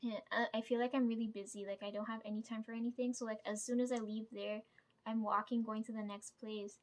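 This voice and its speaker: A woman's voice: on the high side, flat delivery, quick pace. Rambling woman retelling a dream. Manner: rambling, fillers like "right?" and "like"; swears casually. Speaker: vlogger.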